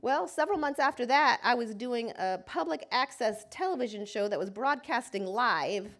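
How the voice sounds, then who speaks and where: Woman lawyer giving a talk, really animated, swoops up and down. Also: a little high, normal speed. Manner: vivid, dramatic storytelling. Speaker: civil rights lawyer and speaker. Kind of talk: storytelling lecture.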